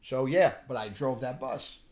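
A middle-aged man, an actor telling animated stories on a podcast. He often restarts sentences and acts out what people said. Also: medium pitch, moderate pace. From Bensonhurst, Brooklyn, New York. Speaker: actor guest. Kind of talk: casual podcast storytelling.

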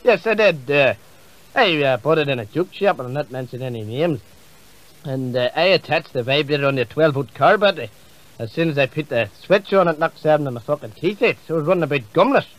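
A man with a Northern Irish accent voicing a boastful, crude politician who answers deadpan. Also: fairly high pitch, a little fast, lightly acted. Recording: muffled comedy CD.

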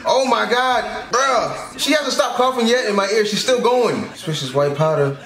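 A young man casually reacting to an anime episode, animated and slangy, laughing and swearing as he goes. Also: high-pitched, normal speed. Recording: echoey room.

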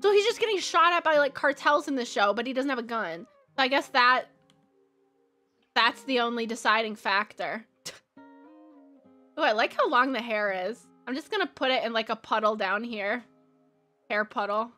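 A woman's voice: a little high, normal speed, pauses often. A woman streamer with a Valley Girl accent, chatting casually while she draws, rambling and giggling with plenty of "like". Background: soft background music.

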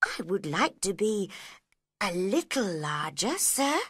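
A woman's voice: medium pitch, big pitch swings, takes it slowly, a bit bright, husky, no echo, clean studio sound, exaggerated voice. A woman voicing a polite, puzzled young girl who talks earnestly and asks many questions.

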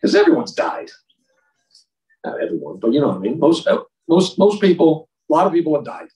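A man's voice: on the high side, very animated, quick pace, mellow, distant mic. A man leading an informal faith lesson for a men's group. He is blunt and joking, and repeats key words for emphasis. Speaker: men's Bible study leader. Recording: roomy sound, speaker away from the mic.

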